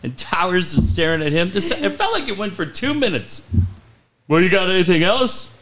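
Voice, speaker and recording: With a high voice and a moderate pace, this sports talk show host animatedly tells a lengthy, profane story, laughing as he quotes people and punching up the jokes with swearing in a casual storytelling exchange.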